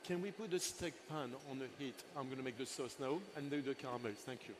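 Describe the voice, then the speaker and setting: Speaking fast in a medium-pitched voice, a sixty-something chef teaches a live cooking masterclass on a festival stage. He keeps up chatty, playful exchanges with his helpers and the crowd over background noise.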